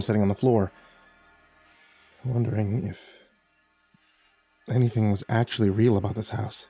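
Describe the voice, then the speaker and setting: A man narrating a first-person horror story in a measured, tense way. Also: lowish voice, fairly even intonation, dark tone, soft background music.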